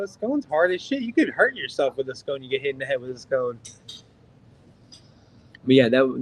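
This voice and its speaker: A man's voice: on the high side, rough recording. A middle-aged man co-hosting a casual podcast, rambling and profane, with lots of "like" fillers. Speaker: podcast co-host.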